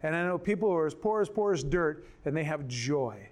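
An older man preaching a sermon, telling stories in animated fashion, acting out other people's voices and dropping low and slow for scripture. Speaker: pastor. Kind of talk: sermon with storytelling.

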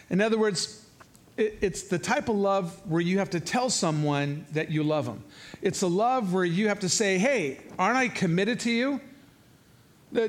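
A man in his fifties delivering a sermon in a loose, conversational way. He tells stories with lively energy and often restarts his sentences. His voice sits slightly high for a man. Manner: conversational, animated storytelling with many restarts. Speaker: pastor.

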